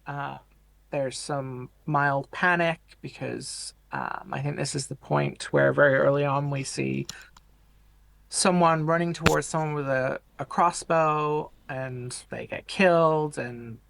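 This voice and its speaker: A man co-hosting a movie podcast, calmly recapping the plot and explaining the characters in a measured way. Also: on the high side, creaky, a little hiss or hum. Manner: measured, explanatory, hesitant fillers. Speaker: podcast co-host. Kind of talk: casual film discussion, plot recap.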